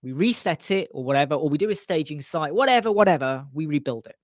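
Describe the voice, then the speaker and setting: A man hosting a casual live web chat about web design, talking in an animated way and repeating his points for emphasis. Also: a little high, quick pace, no room sound, studio quality. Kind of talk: casual live-stream chat answering viewers. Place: small home studio room with soundproof panels.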